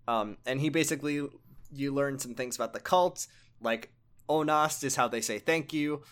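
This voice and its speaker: A man's voice: mid-range voice, normal speed, a bit bright, clean tone. A man talking casually and at length, recapping a video game story. He rambles, restarts sentences and leans on fillers as he goes. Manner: rambling, many fillers and self-corrections.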